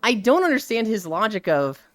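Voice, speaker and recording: There's no room sound here, just soft background music, as a young woman streamer speaks at normal speed in a medium-pitched voice. She chats casually on her live stream, animated and swearing freely while ranting about a game's story.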